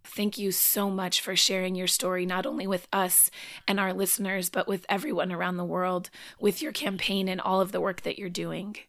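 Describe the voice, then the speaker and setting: A woman's voice: on the low side, little pitch movement, normal speed, a bit bright. A woman co-hosting a podcast, chatting casually in a friendly way. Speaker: podcast co-host.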